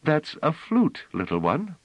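A kindly woman speaks in an old-fashioned, formal manner, as a man reading the story puts her on. His voice lifts higher to play her. She stays soft and patient, with a courtly politeness. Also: wildly swooping pitch, unhurried, breathy edge, dry recording, heavily acted, rough recording. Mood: gentle. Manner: soft, archaic, gently formal. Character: gentle formal woman musician.

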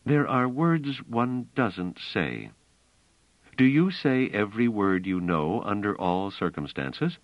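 A man voicing a proud, touchy superstitious woman, speaking slowly and emphatically. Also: fairly low pitch, sing-song, no echo, pitched above the performer's own voice. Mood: solemn. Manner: tense, emphatic, slow deliberate delivery. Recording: slightly dull, dry audiobook recording.

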